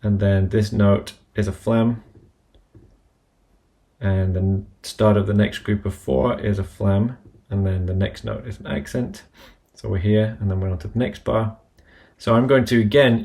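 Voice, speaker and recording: Gravelly low-voiced man walking through software steps. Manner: methodical step-by-step instruction. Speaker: app tutorial presenter. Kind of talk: screen-recorded software tutorial.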